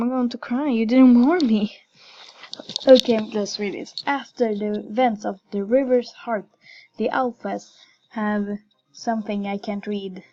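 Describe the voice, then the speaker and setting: Slow-talking woman game commentator, giggly and gushing, dull recording. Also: on the high side, dark tone. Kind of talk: casual gameplay commentary.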